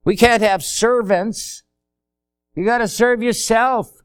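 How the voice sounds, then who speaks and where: Pastor, male, high clear voice, slow and folksy sermon delivery with acted-out asides. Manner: folksy, acts out little dialogues.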